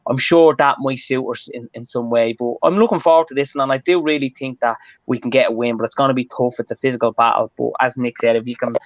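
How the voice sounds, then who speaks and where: A man's voice: mid-range voice, fairly even intonation, fast talker, hardly any pauses, no room sound. A man with an Irish accent chatting casually as a football pundit, rambling and loose with many fillers. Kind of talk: casual chat. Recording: dull, dry lo-fi audio.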